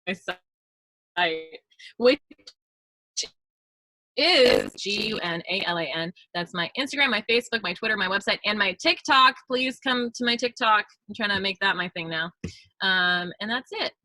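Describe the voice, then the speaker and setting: A woman's voice: medium pitch, measured pace, bright, forceful tone, no echo, low-quality recording. Giggly woman co-hosting a comedy podcast. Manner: giggly, laughs often mid-sentence. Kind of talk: casual podcast chat.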